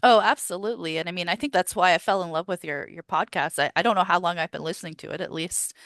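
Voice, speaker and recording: A woman's voice: lowish voice, fast, fairly bright tone, no echo. A woman who is a guest on a podcast, chatting casually in an earnest, enthusiastic way and often repeating words. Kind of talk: casual chat.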